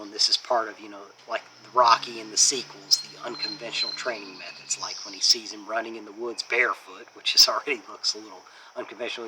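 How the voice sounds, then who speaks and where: Male reviewer, lowish and very bright voice, chatty rambling plot recap. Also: a little hiss or hum, poor audio. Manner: rambling retelling with many fillers. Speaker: movie reviewer.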